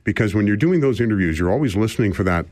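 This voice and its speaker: A man's voice: on the low side, expressive, rapid-fire, a little mellow, no room sound. A man in his sixties hosting a radio talk show in a casual, rambling and self-deprecating way, chuckling often. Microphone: studio microphone.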